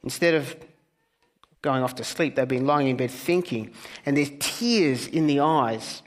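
A male pastor preaching a conversational sermon, earnest, with humorous asides and soft, hushed key words. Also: medium pitch, measured pace. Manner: earnest, softening to near-whispers on key words.

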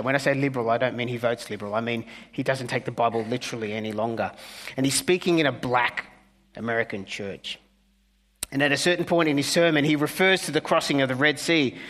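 A male pastor preaching a conversational sermon, earnest, with humorous asides and soft, hushed key words. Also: medium pitch. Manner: earnest, softening to near-whispers on key words.

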